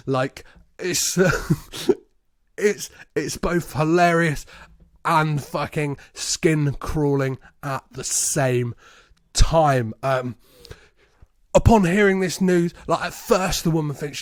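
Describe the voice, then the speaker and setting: A man's voice: a little high, takes it slowly, no echo, studio quality. A man, hosting a podcast and reviewing a film in a casual, sweary, mocking way with frequent laughter. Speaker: podcast host.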